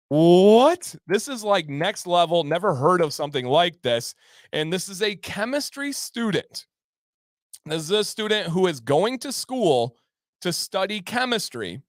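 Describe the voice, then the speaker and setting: A man from Michigan hosting a casual livestream, reading viewer comments aloud and chatting in an animated way, laughing often and repeating his phrases. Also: high voice, no echo, studio quality. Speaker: livestream host.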